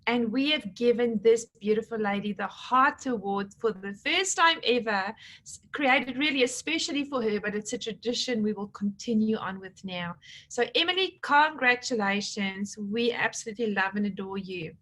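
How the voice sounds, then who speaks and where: A chatty middle-aged woman speaks with a slightly higher voice. She gushes over her team and recounts stories in a loose, personal way. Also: moderate pace. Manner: warm, gushing, chatty, retells conversations. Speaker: team leader presenting awards. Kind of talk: casual talk to her team, recapping an awards event.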